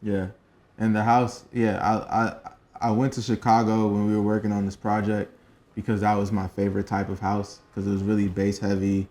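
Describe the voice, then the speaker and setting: A man's voice: on the low side, completely flat delivery, moderate pace, a little mellow. A young man, a DJ and producer, talking in a laid-back way with many fillers in a casual interview.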